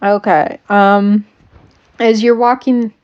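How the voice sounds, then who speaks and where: A woman's voice: medium pitch, flat delivery, takes it slowly, smooth, highs cut off. A woman running a tabletop game on a stream who teases her players, laughs often and uses many fillers. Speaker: game master.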